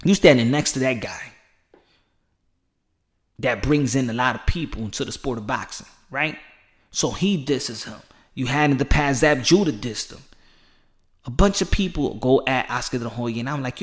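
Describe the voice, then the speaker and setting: A man's voice: mid-range voice, normal speed. A man giving a casual, emphatic opinion commentary on boxing, rambling and rising into fired-up outbursts.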